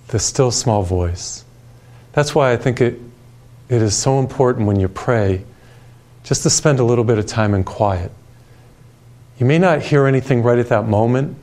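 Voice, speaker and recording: A man preaching a televised sermon in a calm, gentle, soothing way, telling personal stories. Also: medium pitch. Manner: storytelling with personal anecdotes.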